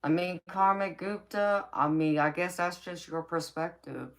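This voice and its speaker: A woman with a low, raspy voice hosting a late-night live stream, reading viewer comments and answering them in a sassy, affectionate way. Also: a little slow. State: dry mouth from talking a lot. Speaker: tarot reader and live-stream host.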